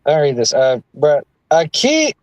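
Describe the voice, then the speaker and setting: A man's voice: a little high, huge pitch swings, normal speed, low-quality recording. A man co-hosting a livestream in casual, opinionated chat. He talks bluntly and sarcastically, and often restarts his sentences. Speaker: livestream co-host.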